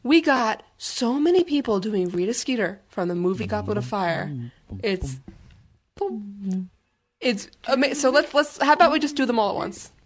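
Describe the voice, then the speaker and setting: A woman's voice: on the high side, lively intonation, moderate pace. A woman co-hosting a podcast in casual, enthusiastic chat. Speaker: podcast co-host.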